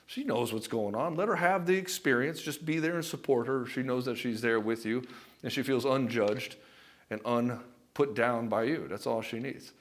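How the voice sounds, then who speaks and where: A man's voice: mid-range voice, normal speed. A man coaching husbands in a direct, blunt and emphatic talk, with casual swearing and stories from his own marriage, calling the listener brother. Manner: addresses the viewer as brother; tells personal anecdotes. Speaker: relationship coach.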